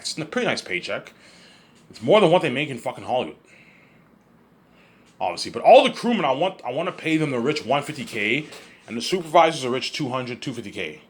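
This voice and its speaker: A man vlogging in a rambling casual monologue, repeating himself, stumbling over words and swearing freely. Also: medium pitch.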